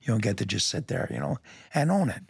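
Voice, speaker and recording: Middle-aged man, police lieutenant; husky low voice, blunt and emphatic, candid storytelling. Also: huge pitch swings, fast talker, a little mellow, no room sound. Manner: emphatic, blunt, frequent "man" and "you know", repeats words.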